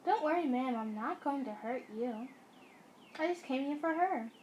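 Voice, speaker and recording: A woman voicing a cold, calm teenage boy holding a pistol, speaking in a flat monotone. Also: high-pitched, moderate pace, slight background noise.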